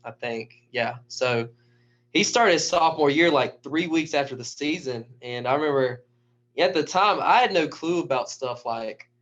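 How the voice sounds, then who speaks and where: Animated storytelling coach, higher voice. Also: male voice, moderate pace. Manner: animated storyteller who acts out quotes. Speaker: high school wrestling coach. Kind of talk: casual storytelling. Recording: dull lo-fi recording.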